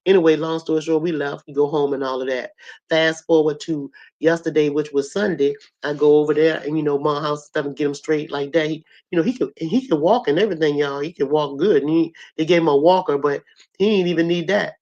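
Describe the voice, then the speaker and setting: A hoarse woman with a cough, telling a story to her audience in a blunt, colorful, animated way. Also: sits low, a little fast, lo-fi sound. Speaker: host.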